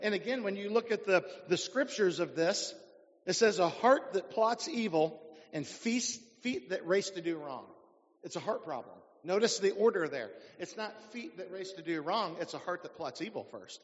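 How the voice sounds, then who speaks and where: A man's voice: high-pitched, animated, normal speed. A man preaching a sermon as pastor, putting rhetorical questions to his congregation. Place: church sanctuary. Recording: dull sound in a reverberant church hall.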